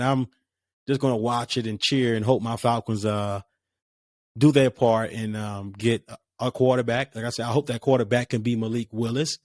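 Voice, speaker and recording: A man's voice: mid-range voice, no echo, clean studio sound. A man hosting a casual solo sports podcast, rambling with lots of fillers and restarts. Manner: rambling, conversational, many fillers.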